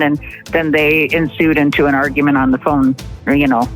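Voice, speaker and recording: Guest woman, halting storyteller, lots of fillers, faint music underneath. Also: sits low, fairly even intonation, low-quality recording. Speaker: interview guest, partner of the accused. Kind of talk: casual recounting of events.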